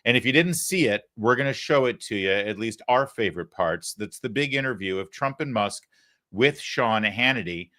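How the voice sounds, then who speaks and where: A man's voice: medium pitch, normal speed. Punchy middle-aged male talk host. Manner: energetic and emphatic, swinging from punchy to muttered asides. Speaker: show host. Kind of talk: live political talk show monologue.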